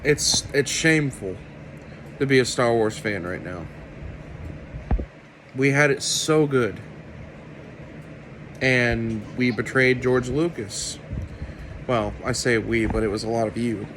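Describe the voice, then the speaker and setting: Slow, sarcastic man ranting to camera. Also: medium pitch, a bit bright, a little hiss or hum, low-quality recording. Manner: sarcastic, deliberate and unhurried. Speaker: video commentator. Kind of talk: opinionated commentary rant.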